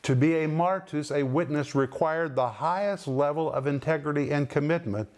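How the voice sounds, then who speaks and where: A man's voice: a little high, a little mellow. Emphatic male Bible teacher. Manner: emphatic, lingers on key words with dramatic pauses. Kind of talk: sermon-style Bible teaching.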